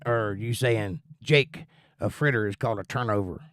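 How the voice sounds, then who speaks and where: Folksy rambling stream host, dry sound. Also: male voice, lowish voice, normal speed, fairly bright tone, dry recording. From United States. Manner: rambling, folksy, reads chat aloud. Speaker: livestream host. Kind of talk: casual chat reading viewer comments.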